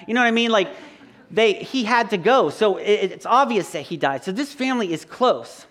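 A man's voice: sits high, expressive, brisk, a bit bright. A man in his thirties, a pastor giving a conversational sermon with joking stories and frequent restarts.

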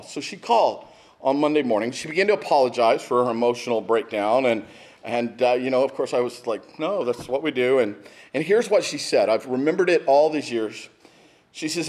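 A man's voice: medium pitch, animated, brisk, a little mellow. A middle-aged man, a pastor, preaching a sermon in a church in a conversational way, with restarts and asides to the congregation. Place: church sanctuary.

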